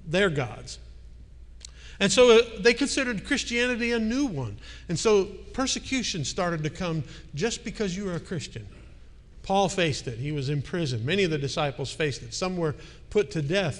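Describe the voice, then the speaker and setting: High-voiced pastor preaching in a reverberant hall. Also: male voice. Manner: conversational preaching, asks the congregation questions. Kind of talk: sermon.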